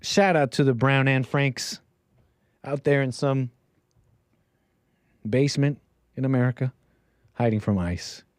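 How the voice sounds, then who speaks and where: A man's voice: medium pitch, measured pace, pauses often, no room sound, studio quality. A man hosting a call-in livestream, chatting casually and riffing, laughing between his remarks. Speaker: call-in show host.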